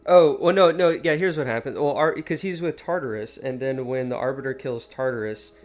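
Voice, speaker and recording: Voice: mid-range voice, a little fast, soft background music. A podcast co-host chiming in during a casual chat, conversational and agreeable.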